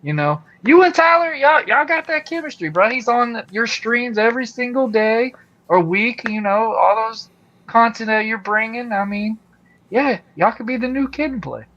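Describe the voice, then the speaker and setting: A laid-back man hosting a podcast, talking in slangy banter and laughing easily. His voice is high and bright with an edge. The sound comes through dull and lo-fi. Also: animated, moderate pace. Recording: dull lo-fi audio.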